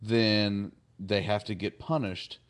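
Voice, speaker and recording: A man's voice: fairly low pitch, fairly even intonation, takes it slowly. Rambling, chuckly man recapping a show. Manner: rambling, chuckling, heavy use of "like" and "you know". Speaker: podcast co-host. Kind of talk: casual episode recap chat.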